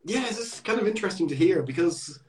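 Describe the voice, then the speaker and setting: Lively chatty male podcast host. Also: sits high, fast talker, poor audio. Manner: chatty, asks interview questions. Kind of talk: casual podcast conversation.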